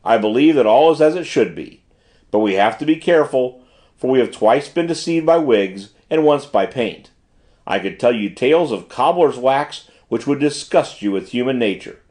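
A man voicing a brisk, fussy middle-aged male manager who talks formally and gushes in an audiobook reading. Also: medium pitch, animated, darkish tone, close to an everyday voice. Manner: formal, gushing and exacting.

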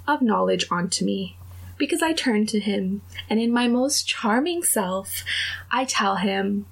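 A young adult woman with a gravelly, fry-touched voice tells a story in relaxed podcast chat. She slips into the voices of the people in her story as she goes. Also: medium pitch, a little slow. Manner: animated, acts out quoted dialogue. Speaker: podcast co-host telling a dating story.

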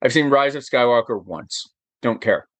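A man talking as a podcast guest in casual chat, animated and emphatic, firing off rhetorical questions. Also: mid-range voice, normal speed, dry recording.

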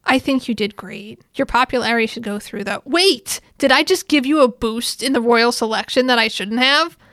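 A woman's voice: fairly high pitch, fairly quick, a bit bright, dry recording, clean studio sound, lightly acted. A woman voicing an earnest, slightly flustered young man hero, read in a recap.

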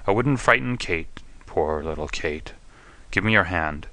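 A man's voice: deep voice, animated, a little slow, sharp tone, no echo, full character voice. A man voicing a haggard, befuddled young male opium addict, confused and pleading as if close to tears. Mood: dazed, pleading. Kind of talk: audiobook character reading.

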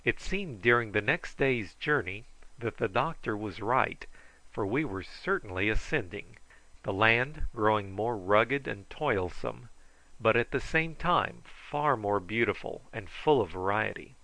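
Bright-voiced male audiobook narrator. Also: fairly low pitch, expressive, measured pace, dry recording, rough recording. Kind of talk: first-person storybook narration.

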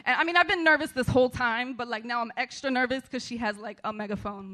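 High, bright-voiced woman telling a story. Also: fast. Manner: chatty, laughing, many fillers like "like" and "right". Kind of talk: live storytelling performance.

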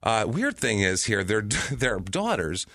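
A man casually telling a true crime story on a podcast, profane and animated, with sudden loud outbursts. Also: lowish voice, slow pace, no room sound, studio quality. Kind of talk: casual chat.

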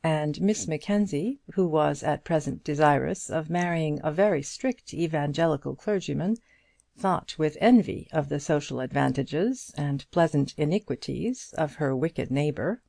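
A woman reading a classic novel aloud as narrator, in measured, even storytelling. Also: low voice, creaky, dry recording, studio quality. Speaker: audiobook narrator. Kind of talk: scripted narration.

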